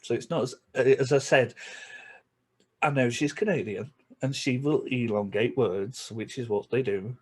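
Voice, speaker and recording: Yorkshire bloke vlogging, casual chatty tone, laughs between bits, normal mid voice. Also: male voice, mid-range voice, slightly rough. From England. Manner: chatty, chuckles between remarks, breaks into quick asides. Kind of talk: casual chat to camera.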